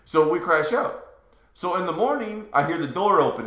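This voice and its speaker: A man co-hosting a podcast, telling a story in a relaxed, laughing way with casual swearing. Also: sits high, normal speed. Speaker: podcast co-host. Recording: echoey room.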